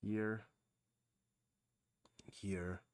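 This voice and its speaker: A man's voice: lowish voice, flat delivery, extremely slow, darkish tone, clean tone. A man streaming himself as he draws, talking casually and thinking aloud, often mumbling to himself. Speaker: comic artist streaming his drawing. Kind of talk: casual live-stream narration while drawing.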